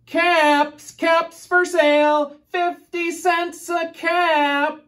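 A woman doing an angry shouting peddler man. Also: level tone, drawn-out words, heavily acted. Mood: calling out. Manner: high, loud, shouting scolds. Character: exasperated male cap peddler, scolding. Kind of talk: storybook read-aloud.

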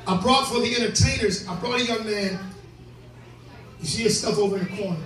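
A man's voice: high-pitched, fairly quick, fairly bright tone. A man doing profane, brash stand-up crowd work at a live club, laughing often and a bit drunk. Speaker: comedian hosting a show. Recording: echoey room, distant mic, crowd noise.

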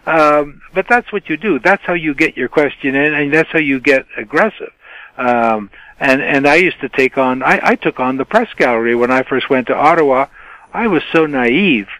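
A man's voice: a little high, moderate pace, dry recording, low-quality recording. Older man telling reporter anecdotes. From Canada. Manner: animated anecdotes with many fillers, mimics his own shouted questions. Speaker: retired TV journalist, guest. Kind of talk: storytelling in a podcast interview. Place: home den.

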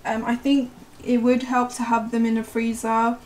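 Young woman, baking vlogger, casual kitchen chat, slightly high voice, upbeat, filler words, faint ambience. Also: flat delivery, moderate pace, darkish tone, a little hiss or hum. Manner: chatty, upbeat, lots of "like" and "um". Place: home kitchen.

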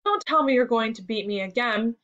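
Elderly storybook gentleman who lectures precisely, voiced by a woman reading aloud. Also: extremely high pitch, lively intonation, fairly quick, dull audio, full character voice. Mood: grumbling. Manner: explanatory, precise. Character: elderly man, lecturing chess friend.

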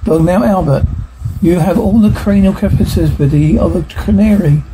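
A man's voice: high voice, normal speed, natural voice. A man voicing a pompous, sarcastic, well-spoken male dog that lectures in formal words, reading from a film script. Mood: condescending. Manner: condescending, lecturing, formal wording. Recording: noisy recording with clicks.

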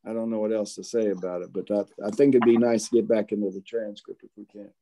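A man teaching a Bible study in a casual, halting way, often asking if listeners follow. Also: on the low side, steady tone, creaky, warm tone, poor audio.

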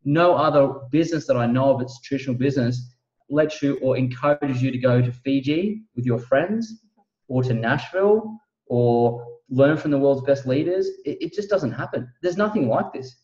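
A man giving an emphatic, preachy motivational sales pitch as a guest on a video call. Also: lively intonation, moderate pace, darkish tone, reverberant, recorded from a distance, lo-fi sound.

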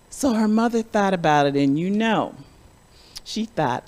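Animated woman telling a children's story. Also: mid-range voice, a little slow. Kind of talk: children's story in a church service. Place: church.

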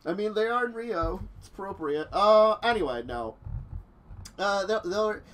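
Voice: mid-range voice, expressive, measured pace, fairly bright tone, rough recording. A game master casually narrating a tabletop role-playing game, rambling with many fillers. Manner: casual, rambling, laughing often.

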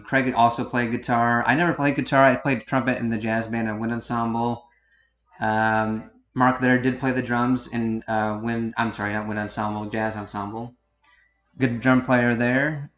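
A man in his thirties from upstate New York delivers a meandering, unhurried DVD-style video commentary, often correcting himself. His voice is lowish with a fairly bright tone, recorded in an echoey room.

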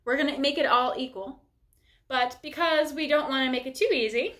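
A woman's voice: sits high, normal speed, a bit bright. A young woman teaching a music lesson, upbeat and encouraging, explaining each step plainly. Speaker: bassoon teacher.

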